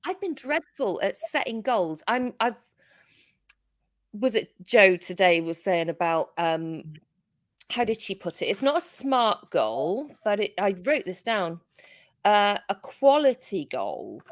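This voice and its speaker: A woman hosting a casual chat, chatty and playful with quick asides. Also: medium pitch, very animated, no echo. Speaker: podcast host.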